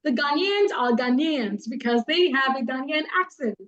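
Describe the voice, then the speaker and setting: Emphatic high-voiced Nigerian woman. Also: lively intonation, moderate pace, fairly bright tone, lo-fi sound. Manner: emphatic, repeats points for effect. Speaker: guest speaker. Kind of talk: public speaking advice talk.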